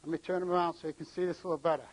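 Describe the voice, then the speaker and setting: A man's voice: on the high side, flat delivery, rapid-fire, low-quality recording. A middle-aged man from New England, a martial arts instructor who gives short commands and counts out the moves during a live demonstration.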